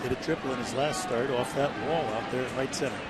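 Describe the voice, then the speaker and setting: A man's voice: medium pitch, steady tone, fast talker, heavy background noise. A man giving color commentary on a baseball game with matter-of-fact remarks on strategy. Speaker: color analyst.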